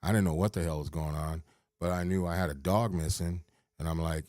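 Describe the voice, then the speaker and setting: Low-voiced middle-aged man, podcast host, rambling and swearing, dry close sound. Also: steady tone, brisk, a little mellow, no room sound. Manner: swearing, rambling retelling with restarts. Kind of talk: personal storytelling on a podcast.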